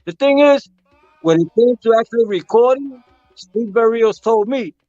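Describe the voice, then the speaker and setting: A high-pitched man talks with a guest musician in a relaxed interview and acts out the people in his story as he goes. The sound is dull and dry, with no room echo, and faint music plays behind him. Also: normal speed. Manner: animated, acts out quotes of others. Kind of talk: casual storytelling.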